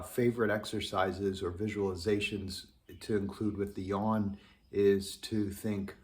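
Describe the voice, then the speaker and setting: A man teaching a trombone lesson, speaking thoughtfully with many pauses and ums. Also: lowish voice, darkish tone. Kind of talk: instructional lesson.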